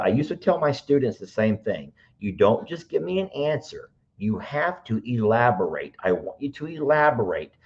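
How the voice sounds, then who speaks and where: Low-voiced chatty man. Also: mellow. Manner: chatty, teacherly, coaxing. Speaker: livestream host. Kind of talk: casual live-stream chat. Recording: dull lo-fi sound.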